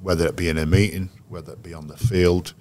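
A man with a very low, deep voice recalls his players in an unhurried interview. He speaks as a coach, measured and anecdotal, often restarting his sentences as he thinks. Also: flat delivery, a little mellow, a little hiss or hum. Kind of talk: interview storytelling.

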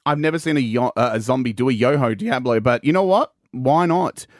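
A man's voice: mid-range voice, expressive, fairly quick, no room sound, clean studio sound. A man co-hosting a radio show, trading jokey, teasing banter. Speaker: radio co-host. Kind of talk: casual chat.

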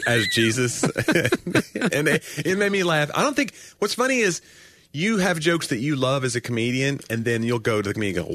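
A man's voice: medium pitch, lively intonation, fairly quick, a bit bright, no echo. A man, a comedian, chatting casually and joking on a podcast, laughing often. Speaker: comedian co-host.

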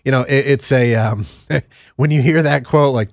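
A man's voice: medium pitch, moderate pace, darkish tone, dry recording, clean studio sound. A man co-hosting a podcast, chatting casually and telling rambling, joking anecdotes. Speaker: podcast co-host. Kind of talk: casual chat.

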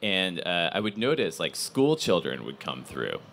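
Deep-voiced man moderating a panel. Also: moderate pace, a little hiss or hum. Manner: rambling, restarts often, animated when telling stories. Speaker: panel moderator, company CEO. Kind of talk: casual panel discussion.

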